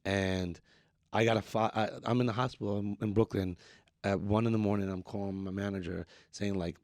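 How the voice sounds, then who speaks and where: A man from New York, a musician guest, talking candidly in an interview with halting restarts and frequent fillers. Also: on the low side, steady tone, darkish tone, no room sound, studio quality. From New York, USA.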